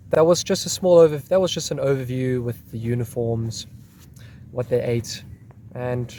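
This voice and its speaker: A man's voice: mid-range voice, dark tone, a little hiss or hum. A man hosting a history video, talking casually and reading out a soldier's account. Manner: chatty, repeating "crazy, hey?".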